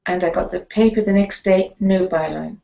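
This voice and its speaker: An older woman sits as a guest and tells stories from her career as a sports photographer. She speaks in an animated way, slipping into the voices of the people she quotes. The audio is slightly dull and muffled. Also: fairly low pitch, moderate pace, vocal fry. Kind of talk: storytelling interview.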